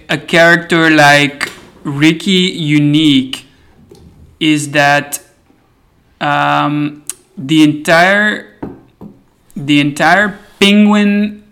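A man talking casually while planning an improv scene, slow and hesitant with ums. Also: a little high, fairly bright tone.

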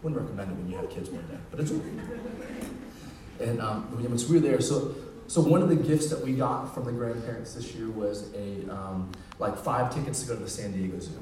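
A man's voice: mid-range voice, a little fast, darkish tone. A man in his thirties preaching a sermon, telling a family story casually, then rising into fervent preaching. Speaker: pastor. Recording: echoey hall, distant mic, noisy.

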